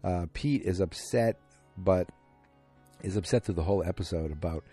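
Low, husky man rambling through a recap. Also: normal speed, dark tone, faint music behind. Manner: rambling, thinking aloud with many fillers. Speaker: podcast host. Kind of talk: casual episode recap.

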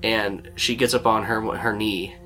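A man's voice: fairly low pitch, steady tone, measured pace, sharp tone, faint music behind. A man narrating a tabletop role-playing game as game master, in a loose storytelling way with lots of fillers.

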